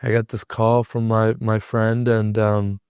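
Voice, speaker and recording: A man's voice: on the low side, little pitch movement, a little slow, darkish tone, clear, resonant tone, no echo, clean studio sound. A young man, a podcast guest, telling a personal story in a casual, rambling way with lots of "like". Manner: rambling, heavy use of filler "like".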